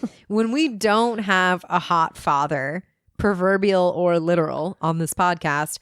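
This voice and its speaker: Young female podcast co-host, lowish voice, giggly and playful, close dry mic. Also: unhurried, fairly bright tone, smooth, no echo. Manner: playful, giggly, goofy tangents. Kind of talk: casual chat.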